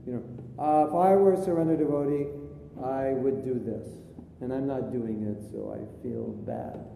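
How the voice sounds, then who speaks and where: Guy teaching a spiritual talk, storytelling n cracking jokes, dark mellow voice, boomy hall. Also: big pitch swings, moderate pace, creaky. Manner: chatty storytelling, jokey asides. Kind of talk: sermon with jokes. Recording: live recording, echoey hall, faint rumble.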